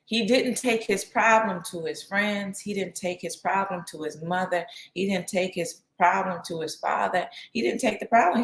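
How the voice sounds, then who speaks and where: A woman delivers a relaxed, conversational sermon at an ordinary pitch. She leans on repetition for emphasis and tosses in casual asides like "right?" and "you know". Her voice rings in a roomy, echoey space. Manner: repeats phrases for emphasis and acts out quotes. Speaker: speaker teaching a faith lesson.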